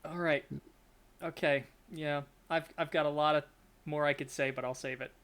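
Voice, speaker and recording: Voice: medium pitch, steady tone, moderate pace, fairly bright tone, clear, resonant tone. A podcast co-host chatting casually, rambling and searching for words. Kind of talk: casual chat.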